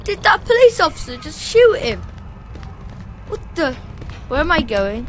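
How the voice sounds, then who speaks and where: A woman's voice: high-pitched, sing-song, measured pace, pauses often, background noise. A woman giving loose gameplay commentary, mocking the characters with frequent laughter and sudden outbursts. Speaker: let's play gamer.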